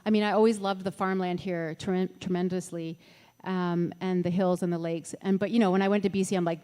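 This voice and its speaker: A woman's voice: mid-range voice, steady tone, brisk, dark tone, long reverb tail. A middle-aged woman from Ontario, a singer-songwriter chatting between songs on an outdoor festival stage, rambling with lots of fillers and laughs. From Ontario, Canada. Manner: rambling, laughs often, many fillers and restarts. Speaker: singer-songwriter performing live.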